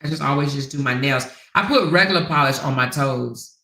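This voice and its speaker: A woman hosting a casual livestream, telling stories and reading viewer comments in an animated, sassy way. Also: very deep voice, brisk. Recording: roomy echo.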